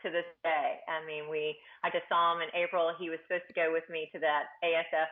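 A woman from Houston chats as an interview guest, spinning a rambling anecdote full of restarts. Her voice sits a little low. It comes through a narrow, phone-like line. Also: flat delivery, a little fast. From Houston, Texas. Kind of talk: storytelling in a casual interview.

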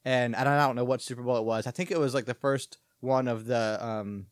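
A man's voice: medium pitch, steady tone, fairly quick, clean tone, no room sound. A man on a podcast telling a story casually, with lots of fillers and restarts. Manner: rambling, filler-heavy. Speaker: podcast co-host.

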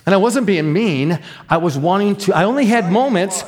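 A middle-aged man preaching as a guest minister, telling a story with emphatic, animated delivery and acted sound effects. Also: high voice, moderate pace. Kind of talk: storytelling sermon.

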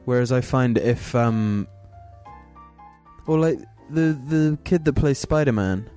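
A man's voice: mid-range voice, slow, warm tone, smooth, soft background music. A young man, chatting casually as a podcast co-host, swearing freely and using lots of fillers. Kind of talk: casual chat.

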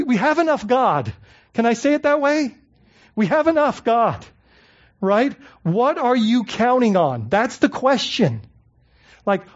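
A male pastor preaching a sermon in a conversational way, asking the congregation rhetorical questions and often repeating words as he searches for phrasing. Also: very high-pitched. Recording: dull lo-fi recording.

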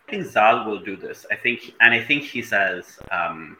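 A man playing a tabletop role-playing game, describing his character's actions and speech in a reflective, halting way with many fillers. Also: fairly low pitch, lively intonation, bright, forceful tone, echoey room, slight background noise, rough recording. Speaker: player.

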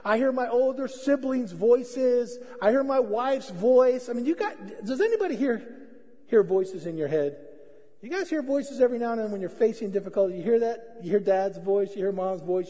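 A man's voice: high voice, animated, normal speed, warm tone, in a large hall. A man preaching a sermon as pastor, telling stories in a conversational, self-deprecating way. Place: church hall.

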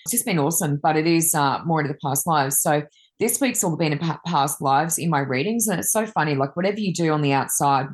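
A woman's voice: deep voice, quick pace. A woman, a Reiki master and card reader, chatting casually and telling rambling anecdotes with many fillers.

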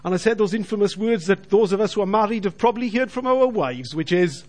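Middle-aged man, slightly high voice, earnest testimony speaker addressing the congregation directly. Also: expressive, fast talker, a little mellow. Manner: earnest storytelling, direct appeals to listeners. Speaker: Christian businessman giving testimony. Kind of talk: personal faith testimony.

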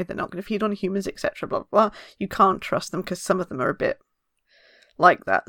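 A woman's voice: medium pitch, dry recording. Chatty woman, dry sound. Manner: chatty, laughs often, animated storytelling. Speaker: podcast co-host. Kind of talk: casual chat.

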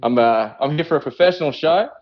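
A man's voice: a little high, animated, fast, dry recording, highs cut off. A man with an Australian accent calling in as a podcast guest, joking, swearing and laughing often. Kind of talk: casual call-in chat.

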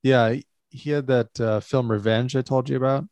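A man's voice: medium pitch, steady tone, moderate pace, a little mellow, no room sound. Laid-back guy on a movie podcast, chuckles a lot, dry close mic. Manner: laid-back, laughs often. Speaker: podcast co-host. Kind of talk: casual movie chat.

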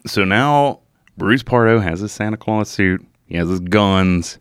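A man's voice: fairly low pitch, measured pace, smooth, no echo, studio quality. A man co-hosting a podcast, telling a true-crime story in casual chat and sometimes swearing. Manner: animated, swearing, laughs at himself. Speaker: podcast co-host.

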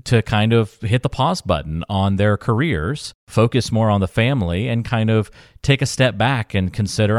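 A man co-hosting a financial podcast, chatting casually and telling relaxed stories with easy laughs. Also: lowish voice, normal speed, dry recording, clean studio sound. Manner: relaxed storytelling, laughs easily. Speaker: podcast co-host.

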